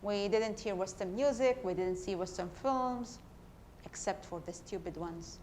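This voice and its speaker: A woman's voice: medium pitch, a little slow, a little mellow, a little hiss or hum. Earnest woman. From Palestine. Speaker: performer. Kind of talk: documentary stage play.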